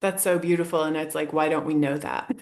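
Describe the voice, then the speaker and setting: A woman's voice: low voice, fairly even intonation, fairly quick, darkish tone. A woman hosting a podcast, enthusiastic and affirming, laughing often in casual conversation. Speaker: podcast host.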